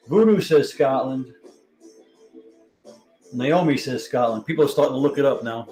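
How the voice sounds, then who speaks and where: A man's voice: mid-range voice, animated, normal speed, long pauses, mellow, soft background music, low-quality recording. A man hosting a live-stream trivia game, chatting casually and reading out viewers' answers as they come in. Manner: chatty, thinks aloud, reads out viewer answers. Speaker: livestream trivia host.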